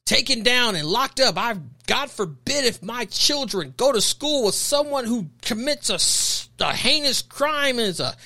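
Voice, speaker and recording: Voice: mid-range voice, very animated, moderate pace, few pauses, sharp tone. A podcast host delivering an emphatic, preachy opinion monologue full of rhetorical questions and repeated phrases.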